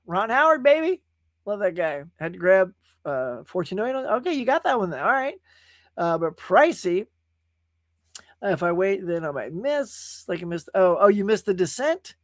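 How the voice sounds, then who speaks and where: A man hosting a casual live stream, animated and laughing often as he reads viewer comments. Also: high voice, moderate pace, dry recording, clean studio sound. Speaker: host.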